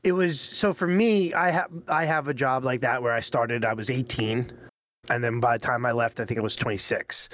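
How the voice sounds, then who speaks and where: A man's voice: medium pitch, normal speed, a bit bright, dry recording. Man chiming in on a podcast, dry sound. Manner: brief agreeing interjections. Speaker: podcast co-host. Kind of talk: casual chat.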